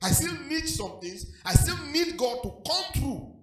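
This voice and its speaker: High-voiced pastor preaching. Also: male voice, sing-song, a little slow, fairly bright tone. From Nigeria. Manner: sing-song preaching cadence, frequent hallelujahs. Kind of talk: sermon. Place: church hall. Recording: echoey church hall with faint music.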